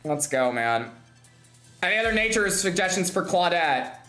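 A young woman streams a game from home with a bubbly, giggly delivery and a fairly low voice that leaps all over the place. Her desk mic picks up a roomy echo, with game music playing softly behind her. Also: normal speed. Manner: bubbly, laughing, squealing with excitement. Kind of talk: excited gameplay streaming chat. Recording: echoey room with music behind.

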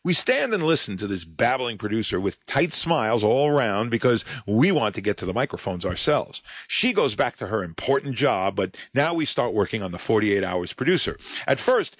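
A man's voice: mid-range voice, a bit bright, no echo. A male podcast host delivering a scripted monologue as a sardonic, mocking storyteller.

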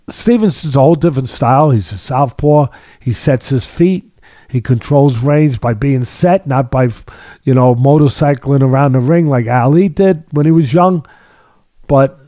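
A boxing analyst hosts a casual sports talk podcast in a mellow, mid-range voice, captured dry with clean studio sound. He speaks emphatically, repeats phrases for stress, and adds a sardonic edge and long analogies.

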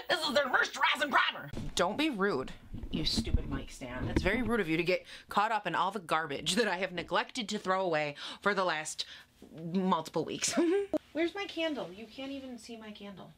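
A woman's voice: mid-range voice, very animated, moderate pace, a bit bright, a little hiss or hum. A woman beauty vlogger chatting casually in a camper, giggly and jokey, rambling between asides. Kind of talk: casual chat.

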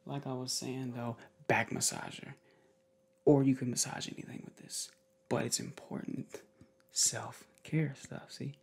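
A man with a very gravelly voice talks straight to his viewers in a loose ASMR chat. His tone is husky and rough at the edges, and it sits at a middle pitch. He rambles on in an upbeat, affectionate way, slipping into whispers now and then. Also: flat delivery, a little slow. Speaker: ASMR creator.

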